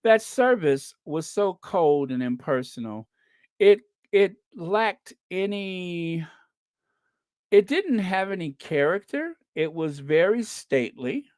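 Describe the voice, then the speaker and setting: Slow chatty stream host reading chat, laughs a lot, dry close mic. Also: mid-range voice, expressive, darkish tone, no room sound. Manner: chatty, laughs often, drawn-out repeated no's. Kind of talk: casual chat.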